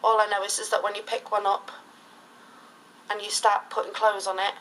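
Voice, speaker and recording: A woman's voice: medium pitch, flat delivery, normal speed, fairly bright tone, slight background noise, low-quality recording. A middle-aged woman talking casually in an interview, rambling through anecdotes in a chatty way. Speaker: interviewee, reborn doll collector.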